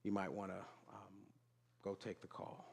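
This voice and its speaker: A man voicing a mother who speaks quietly and haltingly. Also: deep voice, completely flat delivery, vocal fry, slightly rough, pitched below the performer's own voice, full character voice. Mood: gentle. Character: soft-spoken hesitant mother.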